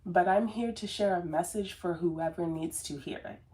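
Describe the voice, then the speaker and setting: At a moderate pace and in a fairly low, mellow voice, a woman talks casually to camera as a business coach. Her motivational talk is earnest and rambling, full of fillers and restarts, and she calls herself very sensitive.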